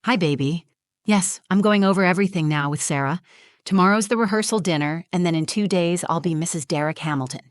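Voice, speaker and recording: The narrator, a woman, gives a lightly acted reading of a young bride-to-be who smugly preaches at her friend and patronizes her. The fairly low voice has lively intonation and a moderate pace, recorded close and dry with no echo.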